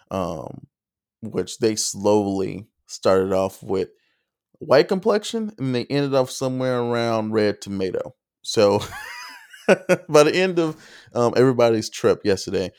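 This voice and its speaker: A man's voice: lowish voice, gravelly, a little mellow. A man telling a comic story in a rambling, casual way, with many fillers. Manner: rambling, lots of fillers and restarts. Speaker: comedian.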